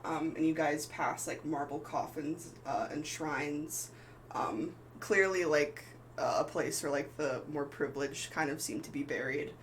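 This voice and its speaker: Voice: medium pitch, a little slow, slight background noise, low-quality recording. A game master narrating a live tabletop game in a loose, rambling way with many fillers.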